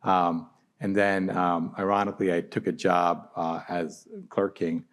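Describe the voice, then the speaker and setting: A man's voice: low-pitched, little pitch movement, measured pace. A man in his forties, speaking as an alumni panelist in a chatty storytelling way and laughing at his own anecdotes. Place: law school event room.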